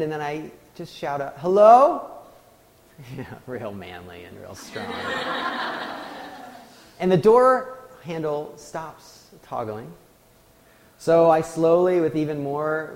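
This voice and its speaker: A pastor with a mid-range, darkish voice preaches a sermon, telling a personal story in a conversational, self-deprecating way. The recording carries a long hall reverb.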